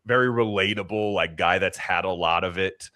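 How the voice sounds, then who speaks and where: Bright rambling man, dry close sound. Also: low-pitched, normal speed, no echo. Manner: rambling, laughing, lots of filler and restarts. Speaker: podcast co-host. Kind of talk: casual book discussion.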